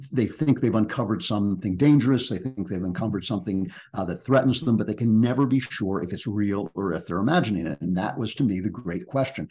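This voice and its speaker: An older man with a lowish voice speaks as a guest in an interview. He talks in an earnest, searching way, circling back and restarting phrases as he works out his thoughts. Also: dark tone. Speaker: guest, crime novelist. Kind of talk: reflective interview talk.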